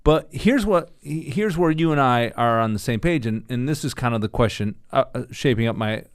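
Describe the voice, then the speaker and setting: A man's voice: mid-range voice, lively intonation, normal speed, no room sound, clean studio sound. A middle-aged man hosting a casual interview, rambling a bit as he frames his questions. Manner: rambling, restarts while framing questions. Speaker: podcast host.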